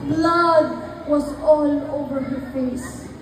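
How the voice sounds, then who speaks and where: A young woman declaims a dramatic piece in a high, unhurried voice that sweeps through pitch and loudness. She is heard from far off in a very echoey hall, with a faint crowd and light noise behind her. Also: steady tone. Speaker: declamation contestant.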